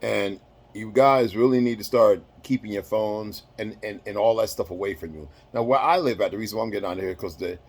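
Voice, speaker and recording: A man's voice: on the low side, fairly quick. A man talking casually to his followers in a rambling way, repeating words and using many fillers. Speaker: social media poster. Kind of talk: casual chat.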